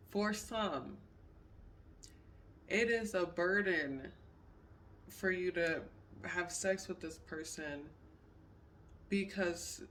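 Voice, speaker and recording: Slow-talking tarot reader, slightly distant. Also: medium pitch, fairly bright tone. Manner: repetitive, emphatic, says "period" often. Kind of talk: casual pick-a-card tarot reading.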